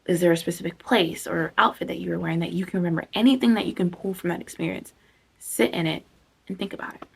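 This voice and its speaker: A woman hosting a self-help video, talking casually as she guides a reflection, chatty and self-interrupting, sometimes dropping to a soft near-whisper. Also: on the low side, fast talker, gravelly, slightly rough.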